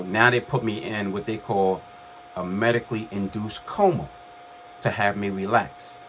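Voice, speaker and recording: A man's voice: on the low side, slight background noise. A man in his fifties from Brooklyn, New York, casually telling the story of his heart transplants, conversational with restarts. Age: 50s. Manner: relaxed, conversational, with restarts and acted quotes.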